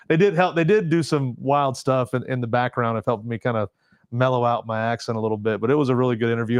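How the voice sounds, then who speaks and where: Through a desk podcast mic, this man's mid-range voice comes across clean and echo-free, with clean studio sound. A Marine veteran in his forties, he recounts his story as a guest in a relaxed interview, rambling and restarting with plenty of fillers.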